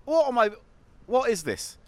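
A man's voice: very high-pitched, very animated, normal speed, dry recording. A man in casual, sarcastic banter while walking outdoors in a city park.

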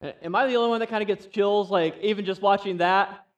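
A man preaching a sermon in a relaxed, conversational way, often asking the listeners questions. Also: high voice, quick pace, distant mic, muffled recording, heavy background noise. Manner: conversational, asks the audience questions. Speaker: pastor.

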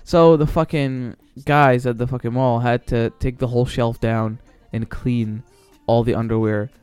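A man's voice: medium pitch, fairly even intonation, measured pace, darkish tone, clear, resonant tone, dry recording. A man hosting his own solo podcast, rambling casually and swearing, with many fillers and restarts. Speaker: podcast host. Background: faint background music.

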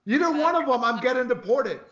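A man in casual podcast chat, telling animated, profane stories about work. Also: very high-pitched, fairly quick. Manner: animated storyteller, swears a lot. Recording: echoey, dull lo-fi sound.

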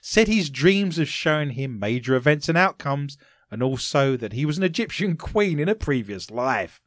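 Sarcastic co-host with a lively, swinging voice, dry close mic. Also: medium pitch, no echo. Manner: wry, sarcastic, quick to banter. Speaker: podcast co-host. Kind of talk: casual comedic chat.

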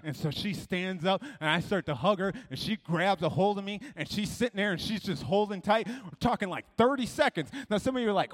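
A man preaching a sermon, telling stories dramatically, dropping to a hush and rising to shouts. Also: high-pitched, a little fast, hardly any pauses. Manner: dramatic storytelling, swings between hushed and shouting. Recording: long hall reverb.

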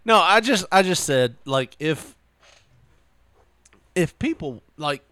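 A man's voice: a little high, animated, takes it slowly, pushed and bright, clear, resonant tone, no echo. A man co-hosting a podcast in casual chat, drunk, giggly and rambling, smoking a cigar at the mic. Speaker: podcast co-host.

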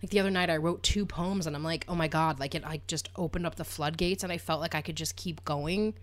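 A woman chatting casually as a podcast co-host, giggly and quick with teasing replies. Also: low-pitched, fairly even intonation. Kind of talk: casual chat.

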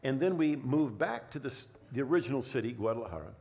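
Middle-aged male pastor, sermon storytelling, animated delivery with lots of pitch movement, repeats words. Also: fast, creaky.

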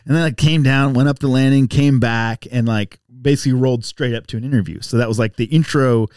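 A man's voice: medium pitch, fairly quick, no echo. Man, podcast guest, casual storyteller, does voices for people in the story, dry close mic. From Texas. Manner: animated, acts out voices in anecdotes. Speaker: podcast guest, bike rider.

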